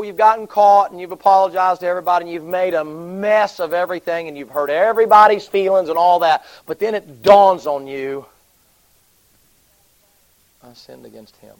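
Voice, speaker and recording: A man preaching, telling a story in a sermon. He swings from hushed, low passages to loud, high, excited ones. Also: low-quality recording.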